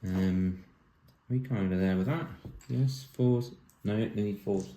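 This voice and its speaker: Low-voiced man talking through a build. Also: measured pace, warm tone. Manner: thinks aloud, dry jokes. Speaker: vlog host building a toy set. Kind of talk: casual step-by-step commentary. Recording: echoey room with faint noise.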